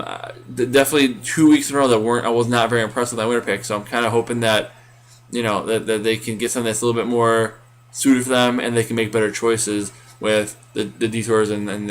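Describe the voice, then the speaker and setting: A man's voice: mid-range voice, fairly bright tone, a little hiss or hum. A man co-hosting a casual recap podcast, rambling with many fillers and restarts. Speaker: podcast co-host.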